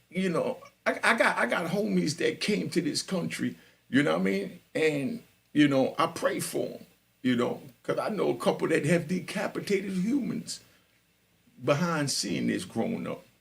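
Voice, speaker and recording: Man in his 60s from Jamaica, streetwise storyteller; raspy gravel in the voice, slightly raised pitch, chatty and keeps asking if you follow. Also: lively intonation, measured pace. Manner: gravelly, conversational, keeps checking in with the listener. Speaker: channel host telling prison and life stories. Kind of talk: casual storytelling on a live stream.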